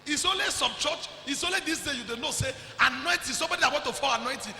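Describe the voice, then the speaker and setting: A man with a Nigerian accent preaching a fervent sermon, breaking into shouts and slipping into pidgin. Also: extremely high pitch, quick pace. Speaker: pastor. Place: church. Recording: echoey church hall.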